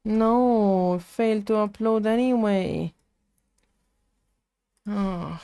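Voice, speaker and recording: A woman streamer talks slowly, half to herself, as she works at her computer. Her voice sits at a middle pitch and sounds close and dry, with no room echo. Now and then she turns to chat with her viewers. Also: warm tone, smooth. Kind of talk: casual live-stream chat while coding.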